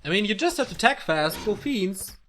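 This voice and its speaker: A man's voice: high voice, expressive, brisk, a bit bright. A man casting a strategy game match alone, calling the play and joking between calls. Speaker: esports caster. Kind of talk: solo play-by-play game commentary.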